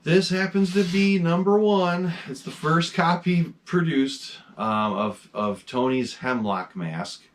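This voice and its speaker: A man's voice: a little high, slow pace, hardly any pauses. A man hosting a horror mask collection vlog, chatting casually from a desk in his home mask room, enthusiastic and rambling with lots of fillers.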